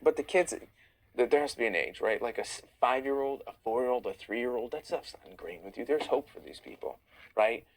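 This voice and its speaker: A man's voice: medium pitch, animated, brisk, poor audio. A tired man hosting a casual livestream, reading viewer questions aloud and answering them. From Iranian-American. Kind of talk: casual live chat. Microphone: phone livestream.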